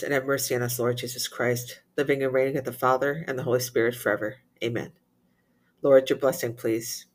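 A man reciting liturgical psalms and readings in a steady, measured chant, with occasional slips and restarts. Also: medium pitch. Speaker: prayer leader.

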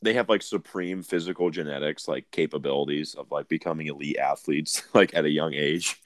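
A man's voice: a bass voice, brisk, dry recording, studio quality. A man co-hosting a podcast, telling crude stories in casual chat and laughing often. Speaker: podcast co-host.

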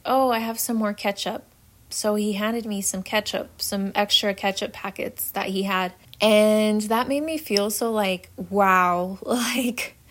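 A young woman talks through a personal story on her faith podcast. Her delivery is candid and conversational, full of "like" and "um" as she gathers her thoughts. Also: mid-range voice. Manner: candid and chatty, many fillers like "like". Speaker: podcast host.

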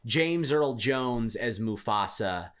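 A man co-hosting a podcast, speaking slowly and deliberately in a casual chat. His voice is smooth and resonant, and he delivers his opinions in firm, emphatic statements. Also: medium pitch, animated, a bit bright. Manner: emphatic, declarative, enthusiastic opinions. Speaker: podcast co-host.

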